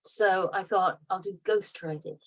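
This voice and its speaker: A woman's voice: mid-range voice, measured pace, poor audio. Chatty mid-Atlantic woman in her fifties. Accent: mid-Atlantic, between American and British. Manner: chatty, rambling, laughs often. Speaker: guest author. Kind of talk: casual interview storytelling.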